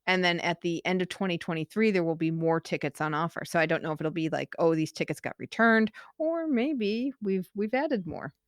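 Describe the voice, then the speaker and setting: A woman co-hosting a podcast, reading out news updates in a careful, measured way and laughing easily between items. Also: on the low side, lively intonation, no echo, studio quality. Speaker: podcast co-host. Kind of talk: casual news chat.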